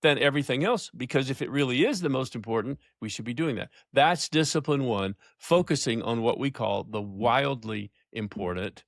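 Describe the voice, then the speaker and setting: A man's voice: medium pitch, animated, creaky, no room sound. Older man telling leadership stories, dry sound. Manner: emphatic storyteller, slows for emphasis, laughs often. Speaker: guest, leadership coach. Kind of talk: podcast interview storytelling.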